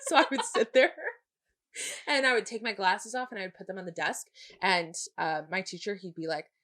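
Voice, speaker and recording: A woman's voice: medium pitch, a little fast, fairly bright tone. A woman in her twenties co-hosting a podcast, telling stories in a sarcastic, casual way and swearing freely. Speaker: podcast co-host. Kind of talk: casual chat.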